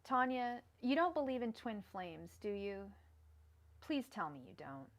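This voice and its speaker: A woman's voice: fairly high pitch, sing-song, measured pace, slight background noise. A young adult woman doing a casual live-stream tarot reading, who murmurs repeated card invocations and rants heatedly. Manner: casual, swears, calls viewers girl. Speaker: tarot reader.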